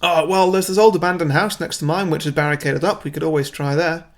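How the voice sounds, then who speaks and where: Mild werewolf guy read by a man, unsure, slightly high gravelly voice. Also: fairly even intonation, quick pace, lightly acted. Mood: hesitant. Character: mild male werewolf pack member.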